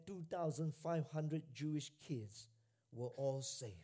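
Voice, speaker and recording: Man, pastor, sermon, high voice, slow deliberate delivery, repetition, hushed to shouting swings. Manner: repeats phrases for emphasis.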